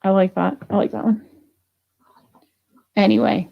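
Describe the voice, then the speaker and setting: A woman's voice: medium pitch, level tone, unhurried, creaky, long pauses, highs cut off, noisy background. A woman hosting a live jewelry sale, chatting casually and thinking aloud as she prices pieces, with the odd grumble. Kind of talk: casual live selling chat.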